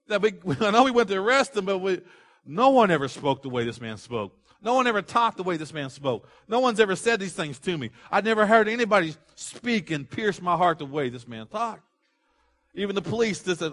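A man preaching a sermon, animated, asking the congregation to fill in words and acting out the people in the story. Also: high voice, brisk. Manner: animated, acts out quoted voices, rising to loud exclamations; asks the audience questions and lets them fill in words. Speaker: pastor.

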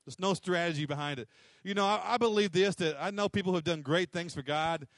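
A man's voice: high-pitched, a little fast, a bit bright, dry recording, studio quality. A man preaching a sermon, emphatic and repetitive, acting out little quotes. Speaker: pastor.

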